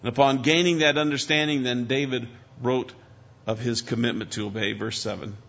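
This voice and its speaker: A man preaching a sermon as pastor, shifting between loud emphasis and quiet, earnest asides. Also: medium pitch, steady tone, fairly quick, vocal fry. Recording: dull lo-fi recording.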